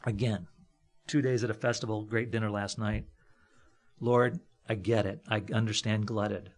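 A man's voice: fairly low pitch, steady tone, normal speed. A man preaching a conversational sermon from a church platform, folksy, with joking asides and frequent fillers.

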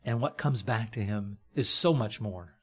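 Male preacher, husky tone, folksy chatty sermon delivery. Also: lowish voice, unhurried. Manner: folksy, joking asides, frequent fillers. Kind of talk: conversational sermon.

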